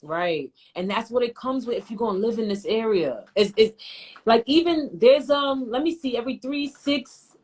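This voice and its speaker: A woman's voice: on the high side, normal speed, a little mellow. A woman hosting a casual live-stream chat from home on her phone, talking in a streetwise way and swearing freely. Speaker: host.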